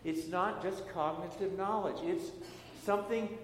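A middle-aged pastor preaching a sermon in a church, speaking in a deliberate, emphatic way with measured pauses. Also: male voice, high-pitched, steady tone, slight background noise. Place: church sanctuary. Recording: echoey hall with faint ambience.

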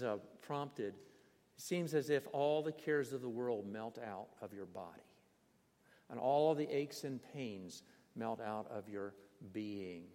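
Older preacher telling a vivid story. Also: male voice, on the high side. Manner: vivid, animated storyteller with bursts of emphasis and laughter. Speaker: pastor. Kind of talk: sermon with personal storytelling. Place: church sanctuary. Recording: long hall reverb.

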